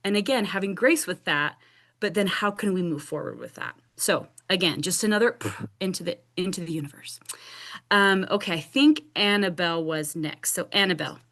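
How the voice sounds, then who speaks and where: A woman's voice: lowish voice, moderate pace, a bit bright. A young woman who stutters, hosting a casual support group discussion on a video call, with repeated sounds and restarts. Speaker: support group host and speech-language pathologist.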